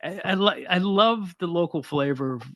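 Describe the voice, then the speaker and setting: A man's voice: high voice, moderate pace, bright, forceful tone, no room sound, studio quality. A man from upstate New York hosting a podcast, chatting nostalgically with frequent laughs. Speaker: podcast host. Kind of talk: casual podcast chat.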